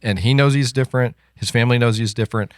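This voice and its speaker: A man's voice: medium pitch, steady tone, fast, dry recording, clean studio sound. A man co-hosting a podcast, explaining a Bible character in an earnest, matter-of-fact way. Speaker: podcast co-host. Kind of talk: casual Bible discussion.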